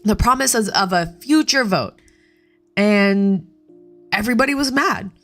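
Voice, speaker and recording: A woman's voice: mid-range voice, lively intonation, a little slow, a bit bright, soft background music. A woman hosting a casual political livestream from home, heated and swearing, firing off bursts of outrage. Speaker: livestream host. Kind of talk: casual political commentary stream.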